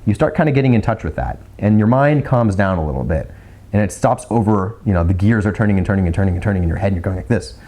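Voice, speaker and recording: Lively low-voiced man giving speaking tips. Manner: chatty, repeats words, demonstrates slow rhythmic delivery. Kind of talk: casual teaching monologue.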